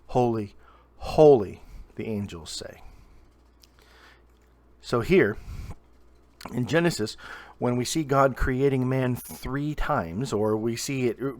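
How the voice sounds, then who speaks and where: A young man from Southern Ohio giving a short video sermon to camera, earnest and emphatic, slowing down and pausing to stress key words. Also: medium pitch, no room sound. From Southern Ohio, USA. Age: young adult. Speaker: preacher.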